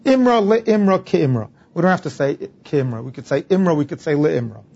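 Man, Talmud lecture, slightly high, husky, dull lo-fi recording. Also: lively intonation, fast, dark tone. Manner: explains step by step, repeats terms for emphasis. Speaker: Talmud teacher.

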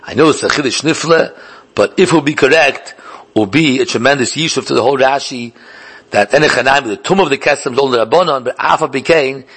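A man's voice: medium pitch, quick pace, fairly bright tone, husky. A man giving a Talmudic lecture, thinking aloud with many restarts and repeated words and mixing in Hebrew learning terms. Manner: mixes English with Hebrew and Yiddish learning terms. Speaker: Talmud teacher.

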